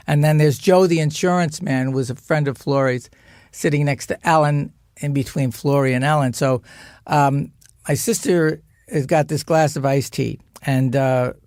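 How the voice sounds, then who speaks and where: A man, a podcast guest, telling an animated, profane family story. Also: on the high side, no room sound, studio quality. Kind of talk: anecdotal storytelling.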